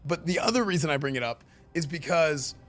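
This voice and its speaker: A man streaming live, talking in an excitable, rambling way, leaning on fillers and repeating himself as he thinks aloud. His voice sits a touch high for a man, with faint music playing underneath. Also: brisk. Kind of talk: live-stream commentary reacting to game questions.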